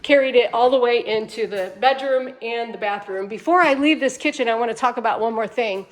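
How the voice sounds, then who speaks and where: A little high-pitched and brisk, a woman giving a home sales tour chats upbeatly as she leads viewers through a manufactured home, speaking right to them. It's the end of a long day and she sounds tired.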